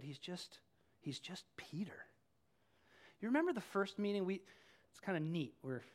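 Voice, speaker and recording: A pastor preaching a sermon, telling the story with animated swings from hushed to loud. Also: medium pitch.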